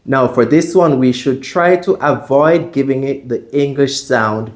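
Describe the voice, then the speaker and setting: A man teaching a Mandarin pronunciation lesson, explaining the tones step by step and modeling each sound aloud for the learner to repeat. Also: medium pitch. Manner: deliberate, models tones out loud. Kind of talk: slow, careful pronunciation lesson.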